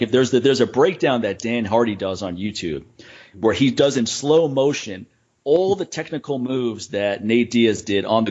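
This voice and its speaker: A man in casual podcast chat, breaking down a fight in detail and quoting others with animation. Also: fairly low pitch. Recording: dull lo-fi sound.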